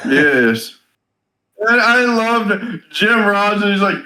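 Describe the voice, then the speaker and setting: Slow-talking high-voiced man. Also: expressive, sharp tone, rough recording. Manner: slow, short replies, teasing. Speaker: podcast co-host. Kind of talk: casual wrestling review chat.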